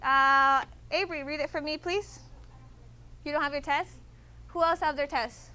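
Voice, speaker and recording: This Spanish teacher has a high, pushed, bright voice with fairly even intonation and a moderate pace. Patient with her class, she repeats material and regularly checks understanding by saying "okay?"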